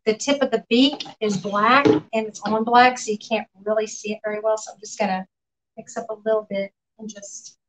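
A woman running a live painting demo in her art studio, relaxed and often murmuring to herself as she works. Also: a little high, normal speed, low-quality recording. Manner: relaxed, talks to herself while working, often quiet and off-mic. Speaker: painting instructor.

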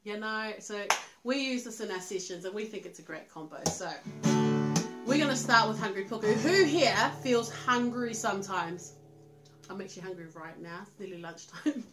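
A woman's voice: medium pitch, moderate pace. A New Zealand woman presenting a sing-along for preschoolers, cheerfully calling out questions to young children. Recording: roomy sound with guitar music.

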